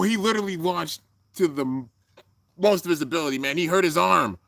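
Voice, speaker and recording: A young man hosting a live reaction, commenting excitedly and often breaking into loud exclamations. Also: fairly high pitch, brisk, gravelly. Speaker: channel host reacting to an anime episode. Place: home room with a fan, traffic outside.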